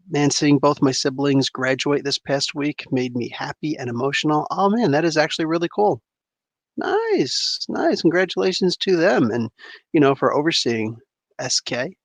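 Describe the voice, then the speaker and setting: A man with a gravelly, somewhat high and slightly bright voice hosts a comic book livestream, chatting casually as he reads viewer comments aloud. He rambles and chuckles, laughing often and using lots of fillers, on a dry recording.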